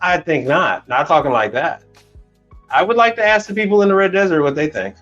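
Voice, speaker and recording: A man's voice: a little high, animated, fairly quick, a bit bright, muffled recording, soft background music. A man hosting a casual livestream, telling stories bluntly and with plenty of profanity, acting out the dialogue. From Chicago. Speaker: livestream host.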